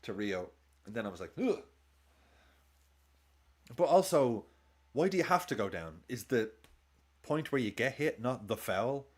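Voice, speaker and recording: A man hosting a football watchalong, chatting excitably and swearing as he reacts live to the game and his chat. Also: medium pitch, moderate pace. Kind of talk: live match commentary and chat.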